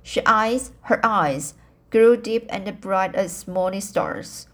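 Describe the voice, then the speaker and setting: A woman reading a novel aloud for an amateur audiobook. She reads slowly and haltingly, repeating and restarting words as she goes, in an unpolished narration. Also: medium pitch, a bit bright.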